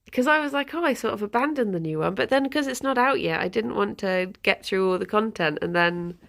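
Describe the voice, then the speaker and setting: A woman's voice: fairly high pitch, gravelly, fairly bright tone. A woman streamer chatting casually with her viewers, rambling and giggling often. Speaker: livestreamer.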